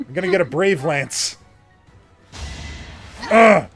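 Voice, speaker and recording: A man's voice: medium pitch, sing-song, moderate pace, a bit bright, faint music behind. A man casually commenting on his gameplay, joking and swearing freely. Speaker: let's play gamer.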